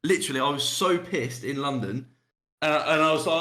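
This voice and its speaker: A man's voice: fairly high pitch, lively intonation, moderate pace, sharp tone. Young man, podcast host, blunt, sweary, casual chat, echoey room. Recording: roomy echo.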